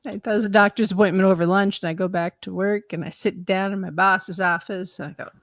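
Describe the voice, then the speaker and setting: A woman in her thirties tells a story in a casual podcast chat, acting out every quote and laughing along the way. Her voice sits at a middle pitch. The sound is dry and close to the mic. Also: fast, dry recording. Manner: animated, laughing storyteller who acts out quotes. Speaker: podcast co-host.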